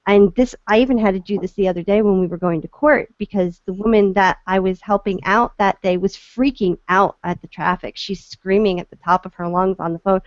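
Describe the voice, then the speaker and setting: A woman's voice: medium pitch, fairly even intonation, moderate pace, no echo. Woman, middle-aged, earnest, casual storytelling, dry sound, lo-fi audio. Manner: earnest, with frequent restarts. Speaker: guest speaker, court advocate.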